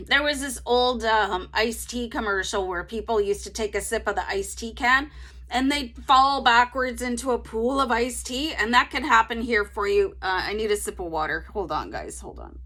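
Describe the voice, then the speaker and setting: A woman's voice: fairly high pitch, moderate pace, fairly bright tone. A woman giving a casual tarot reading to her viewers, chatty and rambling, breaking into laughter often. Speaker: tarot reader.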